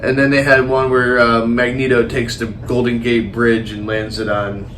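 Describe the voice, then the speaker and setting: Rambling, animated male podcast host. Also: medium pitch, moderate pace, slight background noise. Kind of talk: casual movie review chat.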